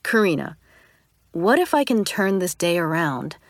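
Storybook read-aloud: woman voicing a tender, besotted father, lowered voice, unhurried. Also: sing-song, no room sound, clean studio sound. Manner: soft and affectionate. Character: smitten gentle father. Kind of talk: storybook reading.

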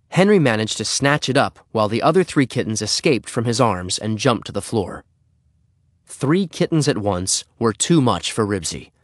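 A man reading a children's story aloud in an expressive way. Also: fairly low pitch, dry recording, clean studio sound. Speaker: narrator.

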